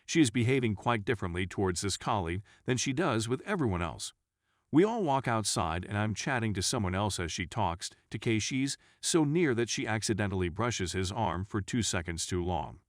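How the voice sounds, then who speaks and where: A man narrates a story in a scripted, read-aloud way. His voice sits fairly low but swings up and down a lot. The sound is dry and close, with almost no room in it. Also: expressive, normal speed, no room sound.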